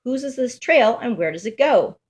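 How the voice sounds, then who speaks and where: A woman's voice: fairly high pitch, expressive, normal speed, pitched above the performer's own voice, lightly acted. A woman voicing a small, curious young female monster who asks eager, questioning things in a sing-song way. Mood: excited.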